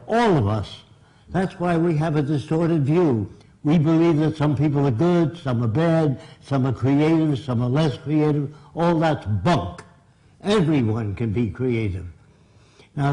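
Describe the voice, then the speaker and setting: A man's voice: on the high side, warm tone, low-quality recording. An older man from Brooklyn, giving a blunt, emphatic public lecture. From Brooklyn, New York.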